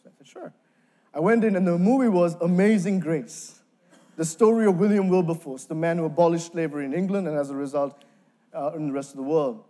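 A young man from Sri Lanka giving a faith testimony, telling his story with acted-out dialogue and quick laughs. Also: on the high side, warm tone.

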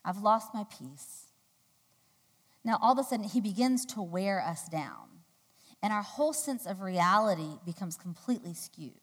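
A woman giving a sermon, telling a personal story in a chatty, animated way with loud, high quoted outbursts. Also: normal speed. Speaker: church speaker. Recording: long hall reverb.

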